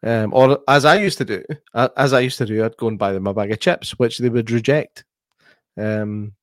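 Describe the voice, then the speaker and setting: A man's voice: medium pitch, moderate pace, no room sound, clean studio sound. A middle-aged Scottish man co-hosting a casual late-night podcast, blunt and sweary, often laughing. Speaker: podcast co-host.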